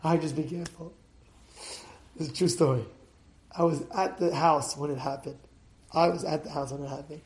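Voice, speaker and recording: A rabbi with a high-pitched voice delivers an animated storytelling sermon. He swings between hushed asides and loud exclamations. The sound is roomy and echoing. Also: a little fast.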